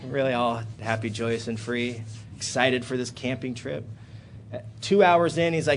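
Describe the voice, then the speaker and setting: A man in his thirties speaking at a recovery meeting in a hotel hall, telling a personal story and building to loud, animated outbursts. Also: mid-range voice, moderate pace, slight background noise. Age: 30s.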